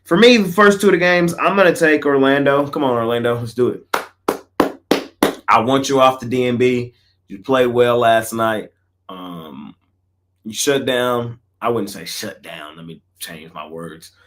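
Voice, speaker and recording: A man hosting a sports betting picks show, talking in a casual, slangy way that often trails off quietly. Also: mid-range voice, a little slow.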